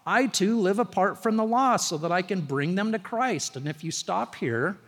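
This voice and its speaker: Pastor, high male voice, chatty sermon with stories, long hall reverb. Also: animated, moderate pace, a bit bright. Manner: conversational storytelling preacher, rising emphasis on key phrases.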